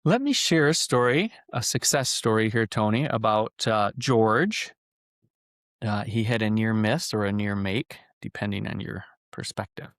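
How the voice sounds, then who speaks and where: Low gravelly guy hosting a podcast, lots of ums, very dry sound. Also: measured pace, no room sound. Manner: relaxed, frequent ums and uhs, conversational. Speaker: podcast host. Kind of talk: casual podcast talk and storytelling.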